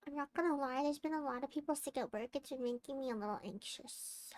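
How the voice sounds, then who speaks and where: Sleepy high-voiced woman streamer. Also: fast talker, a little mellow, no room sound. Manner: chatty, rambling, with frequent giggles and restarts. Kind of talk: casual chat with viewers.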